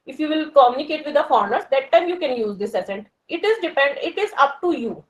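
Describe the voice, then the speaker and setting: A woman's voice: sits high, lively intonation, fast talker, low-quality recording. A woman from India with an Indian English accent, a working professional talking casually and hesitantly, with many fillers and restarts. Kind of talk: casual conversation about learning English.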